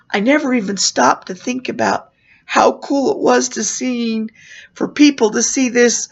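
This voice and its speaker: Slow-talking woman telling a story. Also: sits high, gravelly, breathy edge. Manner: animated, voices others in the tale. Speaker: clown storyteller. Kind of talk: personal storytelling. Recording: dull lo-fi recording.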